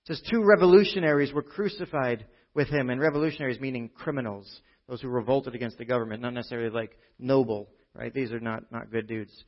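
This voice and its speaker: A man preaching a sermon to a church congregation, chatty and full of rhetorical "right?" checks, dropping from loud emphasis to quiet asides. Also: medium pitch, fast, few pauses. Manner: conversational, with frequent rhetorical "right?". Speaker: pastor. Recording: dull, muffled lo-fi recording.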